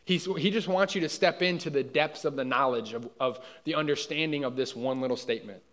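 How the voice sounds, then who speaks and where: A man's voice: mid-range voice, brisk, a bit bright. A young man preaching a conversational sermon in a church hall, casual and often checking in with his listeners. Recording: long hall reverb.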